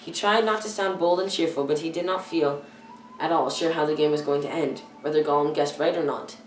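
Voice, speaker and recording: A teenage girl reading a children's novel aloud, careful and halting, often stumbling and correcting herself. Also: low-pitched, soft background music. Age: teens. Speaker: youth reader. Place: church hall. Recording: echoey room, far from the mic.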